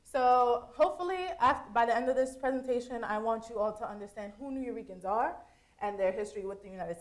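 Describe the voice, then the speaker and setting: A young woman giving a casual, chatty conference presentation to a room, laughing easily as she talks. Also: a little high. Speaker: student presenter.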